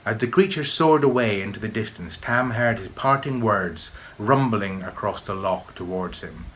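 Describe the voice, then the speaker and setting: A man reading aloud his own children's story with expressive, measured storybook narration. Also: on the low side, slight background noise.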